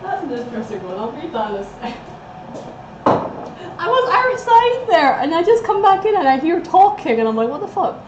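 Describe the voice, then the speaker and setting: A woman's voice: extremely high pitch, big pitch swings, moderate pace, highs cut off. A young woman chatting casually with her stream viewers, swearing freely and easily amused. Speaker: livestreamer. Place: home kitchen indoors. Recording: echoey room with loud background noise.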